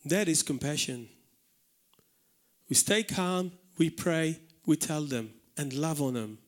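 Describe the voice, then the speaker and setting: A man from Malta with a Maltese accent, preaching an animated sermon in a church hall. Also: on the high side, slow. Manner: animated preaching, shouting out acted warnings.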